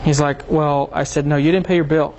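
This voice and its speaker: A man's voice: a little high, brisk, background noise. A man presenting a seminar to a small group, talking casually and acting out quoted exchanges as he tells a story. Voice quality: animated storyteller, acts out quotes.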